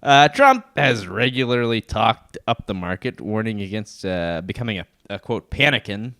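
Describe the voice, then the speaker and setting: An irreverent man co-hosting a comedy podcast, reading out quotes and dropping profane one-liners. His pitch jumps around lively and expressively. The sound is dry and close-miked in a studio. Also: moderate pace, gravelly, dry recording. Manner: irreverent, profane quips, reads quotes aloud. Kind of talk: casual comedic banter.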